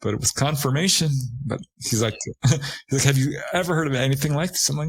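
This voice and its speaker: Slightly rough and at normal speed on a dry recording, this paranormal investigator, a guest, casually recounts what a witness told him. He laughs a lot while talking and pitches his voice up to play the people he's quoting.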